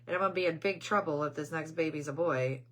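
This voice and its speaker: A woman's voice: deep voice, quick pace, fairly bright tone. A middle-aged woman hosting a craft channel, chatting casually on a live stream and telling rambling family stories. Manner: greets viewers mid-story.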